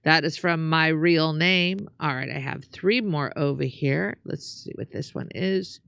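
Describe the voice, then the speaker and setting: A woman's voice: low voice, unhurried, gravelly, a bit bright, clean tone, dry recording, highs cut off. A woman co-hosting a show, casually reading out viewer comments with some hesitation. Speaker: co-host.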